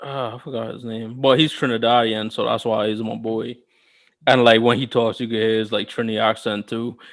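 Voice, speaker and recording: A young man co-hosts a podcast, speaking at normal speed in a medium-pitched voice. In casual chat he tells stories in a rambling, animated way, restarting himself a lot.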